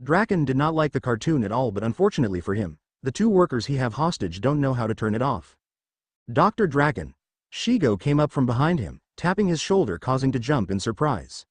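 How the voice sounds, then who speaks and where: Lively-pitched man narrating a fan story. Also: brisk, breathy edge, no room sound. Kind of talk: fan fiction read aloud, voicing every figure.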